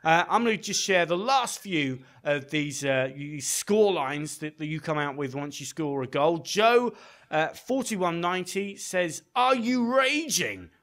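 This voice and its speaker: A male podcast co-host chatting casually and teasing his partner. His voice is bright and rather high, with lively, animated swings in pitch. The delivery is playful and quick to joke.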